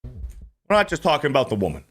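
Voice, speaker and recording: A man's voice: medium pitch, huge pitch swings, a little fast, fairly bright tone, breathy edge, faint music behind. A man hosting a reaction commentary show, ranting in a profane, fired-up way.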